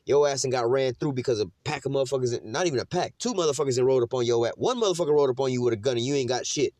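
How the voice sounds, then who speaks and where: A man's voice: mid-range voice, rapid-fire, a little mellow, dry recording. A man preaching on scripture in a loose, profane, slangy rant, tossing "man" into nearly every sentence. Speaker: Bible teacher. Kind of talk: casual street preaching.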